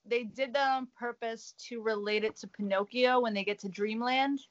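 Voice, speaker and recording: A woman's voice: fairly high pitch, steady tone, moderate pace. A woman co-hosting a podcast, chatting casually with friends in a playful way and slipping into silly voices. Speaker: podcast co-host. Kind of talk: casual chat. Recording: slightly dull lo-fi audio.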